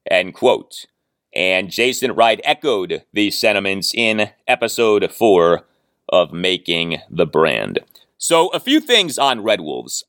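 A man's voice: fairly low pitch, a bit bright, no room sound, clean studio sound. A man hosting a sports podcast, giving emphatic, opinionated commentary on his own. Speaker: podcast host.

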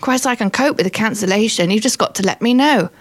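A woman's voice: mid-range voice, fast. Wry woman comedian. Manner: wry, self-deprecating. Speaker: stand-up comedian. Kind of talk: casual radio chat.

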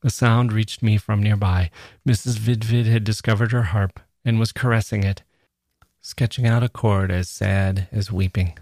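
A man, a podcast host, giving a measured and expressive first-person reading of a literary short story. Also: fairly low pitch, no room sound, studio quality.

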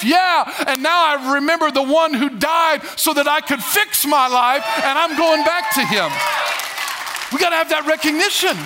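A male pastor preaching a sermon to a congregation, emphatic and animated, laughing as he goes. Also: extremely high pitch.

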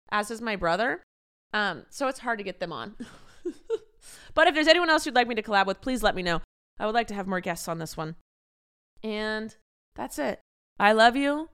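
A young woman with a bright, crisp, fairly high voice talks straight to her listeners. She rambles and rants in exasperation, casual and unscripted. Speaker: podcast host. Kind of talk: solo podcast outro chat.

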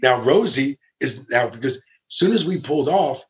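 A man's voice: medium pitch, animated, moderate pace, lo-fi sound. A man casually telling a long story, acting out quotes of the people in it, swearing and laughing as he goes. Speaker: storyteller guest.

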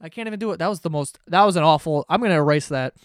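A man's voice: fairly high pitch, quick pace, no room sound, clean studio sound. A man hosting a solo podcast in a casual comedic rant, profane, sarcastic and rambling. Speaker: podcast host.

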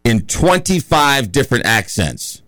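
A man's voice: mid-range voice, sing-song, unhurried, sharp tone, no room sound. Guy hosting a radio show, rambly, lots of ums and restarts, dry close mic. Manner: rambling, with many fillers and restarts. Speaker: radio talk show host. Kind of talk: casual talk radio chat. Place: radio studio.

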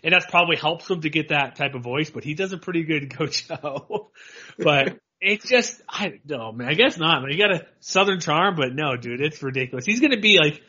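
A man co-hosting a podcast, talking sports in a rambling, animated way and laughing often. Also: a little high, fairly quick, breathy edge. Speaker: podcast co-host. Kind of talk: casual sports chat. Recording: dull lo-fi audio.

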